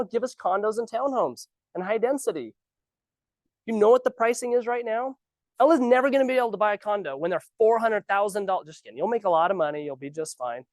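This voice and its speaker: A man's voice: high-pitched, brisk, dry recording. Ranting man coaching new realtors. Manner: animated, ranting, sarcastic asides. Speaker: real estate trainer. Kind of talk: casual training talk. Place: office training room.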